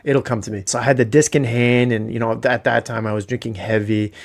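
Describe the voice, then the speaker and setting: Podcast host, 30s, Canadian accent, loose excitable storyteller, mid voice. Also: male voice, medium pitch, a little fast. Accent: Canadian English. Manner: rambling, excitable, swears freely. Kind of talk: casual solo podcast storytelling.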